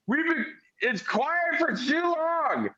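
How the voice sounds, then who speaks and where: A man voicing a drunk, paranoid old male islander who rants in a drawn-out, slurred way. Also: very high-pitched, animated, pushed and bright, highs cut off, voice pushed up, heavily acted. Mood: ranting.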